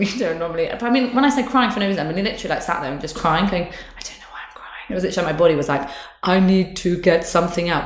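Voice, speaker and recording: A woman in her thirties, chatting candidly and casually, often laughing. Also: low voice. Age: 30s. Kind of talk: casual chat. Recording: roomy echo.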